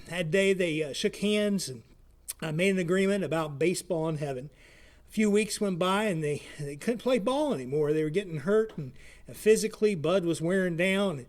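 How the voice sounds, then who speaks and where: A man's voice: high voice, lively intonation, moderate pace. A man working as a community education manager, introducing a video series and telling a story in a friendly, folksy way with many filler words.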